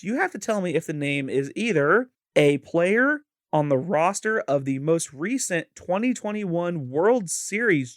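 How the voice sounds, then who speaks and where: A playful Midwestern American man co-hosting a podcast, his voice sitting fairly high and swinging widely in pitch. He jokes and laughs easily in loose, casual chat, recorded close and dry. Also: no echo. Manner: playful, laughs often, jokey impressions. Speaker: podcast co-host.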